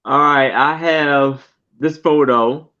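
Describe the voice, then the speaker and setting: A man describes an item up for sale on a live stream, speaking extremely slowly with many pauses. He is deliberate and halting as he reads off details. The sound is dull and lo-fi. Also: fairly high pitch, fairly even intonation, bright, forceful tone. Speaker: photo seller on a live sale. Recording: dull lo-fi online stream audio.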